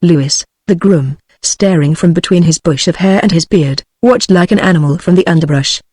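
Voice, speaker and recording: A text-to-speech woman's voice with a British English accent, reading a novel aloud in an even, measured way. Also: fairly low pitch, husky, no room sound. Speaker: narrator. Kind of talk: synthetic audiobook narration.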